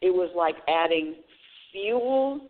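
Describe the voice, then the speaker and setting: A woman's voice: lowish voice, takes it slowly. A woman hosting a spiritual talk radio show, telling a story straight to her audience with lots of restarts and repeated words. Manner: animated storytelling, addresses audience directly. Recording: narrow phone-like radio sound.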